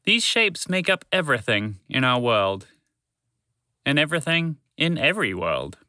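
A man narrating a children's story to listeners in a gentle, unhurried, expressive way. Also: medium pitch, clear, resonant tone, no echo.

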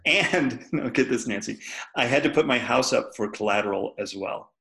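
Male podcast guest, candid storyteller, gravelly voice, laughs often. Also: mid-range voice, moderate pace, pushed and bright, poor audio. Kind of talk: personal storytelling in an interview.

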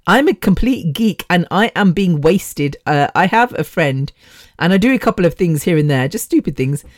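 A woman's voice: fairly low pitch, expressive, moderate pace, no room sound, clean studio sound. A woman hosting a podcast, talking in a casual rambling monologue, laughing often and losing her train of thought. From United Kingdom. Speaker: podcast host.

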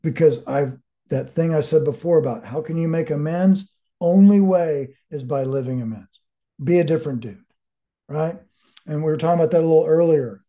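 A man with a slightly high, dark-toned voice speaks at normal speed as an interview guest, telling his story candidly and casually. He's blunt and rambling, swearing a lot and reflecting searchingly.

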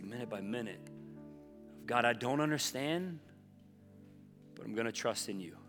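A man in his thirties, a pastor preaching a sermon in an earnest, conversational way that often drops soft and low. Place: church auditorium. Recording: long reverb of a large hall with faint music.

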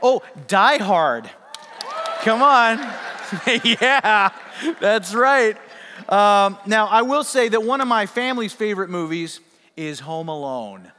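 A man preaching with a playful, joking manner, throwing questions out to the congregation. His voice sits high and sounds bright and forceful. Long reverb trails each phrase, as in a church sanctuary. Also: expressive, slow pace, slight background noise. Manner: playful, jokey, audience call-and-response. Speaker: pastor. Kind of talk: sermon. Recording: long reverb in a large hall.

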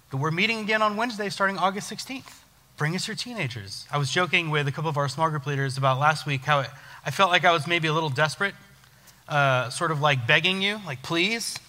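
High bright man preaching in an echoey hall. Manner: joking, self-deprecating, lively storytelling. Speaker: youth pastor. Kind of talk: casual sermon. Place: church hall. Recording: long church hall reverb.

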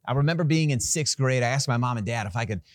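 A man preaching from the pulpit who leans into a personal story with animated, self-mocking humor. His voice sits at a middle pitch, and the sound is dry and close with no room around it. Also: fast, no echo. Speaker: pastor.

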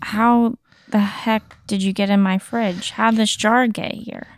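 A woman taking part as a player in a tabletop game, answering in a dry, deadpan, casual way. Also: medium pitch, takes it slowly, dry recording. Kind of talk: casual role-play answers.

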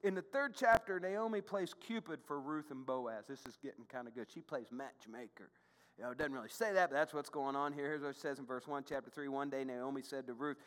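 A male pastor preaching a sermon in a lively, conversational way, with frequent asides to the congregation. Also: medium pitch, fairly quick, big-room sound. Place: church sanctuary.

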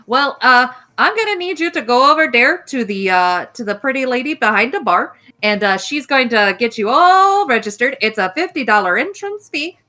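A woman's voice: fairly high pitch, very animated, normal speed, hardly any pauses, bright, forceful tone, pitched above the performer's own voice. A woman voicing a cheerful, folksy Midwestern hostess with a Wisconsin accent and a sing-song drawl.

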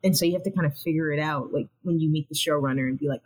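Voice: mid-range voice, very fast, slightly rough, rough recording. Chatty animation writer on a podcast. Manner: rambling, acts out own thoughts in quotes. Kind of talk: casual podcast interview.

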